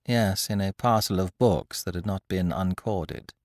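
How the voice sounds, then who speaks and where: A man's voice: deep voice, measured pace, a little mellow, no echo, clean studio sound. A man voicing a sad, resigned young noblewoman who gives polite, hesitant answers in an audiobook. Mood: answering.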